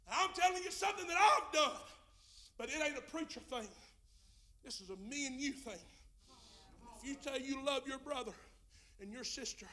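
A male pastor preaching a sermon with passion, dropping to a hush and then rising to shouts, in folksy Southern speech. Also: extremely high pitch. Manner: impassioned preaching, swinging from hushed to shouting. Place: church sanctuary.

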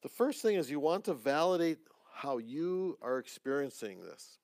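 A man preaching in a relaxed, conversational teaching style, breaking into little jokes and restarting his sentences. His voice has a gravelly edge. The sound is dry and close. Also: a little high, normal speed, no room sound. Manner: conversational, joking asides, restarts. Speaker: pastor. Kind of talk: teaching sermon. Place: church.

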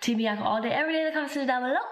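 A woman's voice: high-pitched, rapid-fire, a little hiss or hum. A young woman vlogging to camera in a chatty, rambling way. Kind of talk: casual vlog talk to camera. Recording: echoey room.

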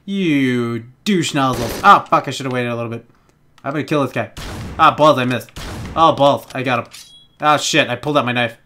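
A young man giving casual let's play commentary, excitable and giggly, with panicky outbursts and a lot of swearing. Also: medium pitch, normal speed, a little hiss or hum. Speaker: gaming channel host.

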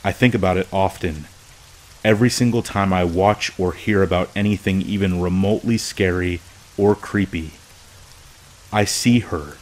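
A man narrating a true scary story from a script, in a slow, hushed, measured way. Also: sits low, rough recording.

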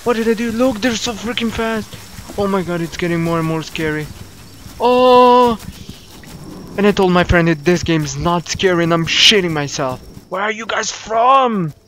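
A man's voice: high voice, fairly quick, a bit bright, slight background noise, low-quality recording. A young man with a Slovenian accent, giving jumpy, panicky commentary while playing a horror game, swearing and repeating himself. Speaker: gaming YouTuber. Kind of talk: scared horror gameplay commentary.

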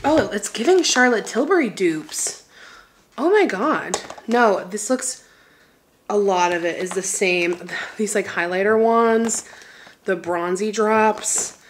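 A woman's voice: medium pitch, animated, slow, a little hiss or hum. A young woman chatting casually to her vlog audience at home, bubbly and chatty, laughing often. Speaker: lifestyle vlogger. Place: home, indoors. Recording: echoey room.

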